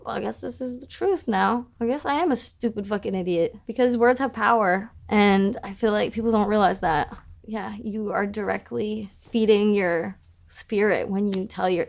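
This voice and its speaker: A young adult woman with a somewhat high voice speaks openly in an interview. She pads her sentences with "like" and swears without a second thought. Her humor is wry and self-mocking. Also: gravelly. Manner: frank, fills speech with "like", swears casually. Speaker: musician discussing her album. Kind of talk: candid interview talk.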